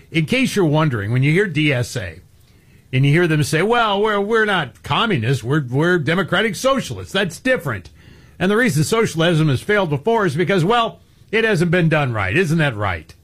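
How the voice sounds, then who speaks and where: A man co-hosting a talk show, giving blunt, emphatic opinions with folksy turns of phrase. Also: medium pitch. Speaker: co-host. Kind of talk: opinionated talk radio chat.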